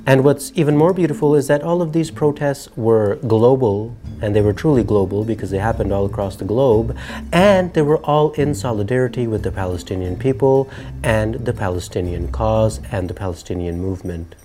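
A man's voice: on the low side, normal speed, mellow, soft background music. A man hosting a year-end commentary show, wry and sermonizing with jokey asides. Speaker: show host.

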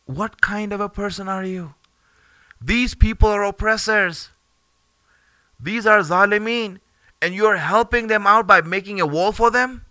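A man doing an indignant prophet, raised pitch, sharp urgent protest, dry close sound. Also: measured pace, no echo. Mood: outraged.

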